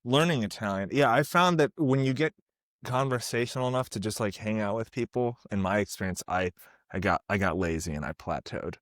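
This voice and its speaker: A man's voice: lowish voice, fairly quick, a bit bright, no room sound, studio quality. An American man hosting a casual conversation, chatty and easygoing. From United States. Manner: easygoing, chatty, laughs along. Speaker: podcast host. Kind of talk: casual chat.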